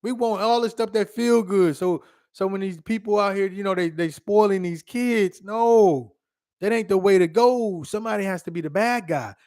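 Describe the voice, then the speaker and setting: Man, 30s, vlogger: casual storytelling to a phone camera, animated, laughs often, quick asides, slightly higher voice.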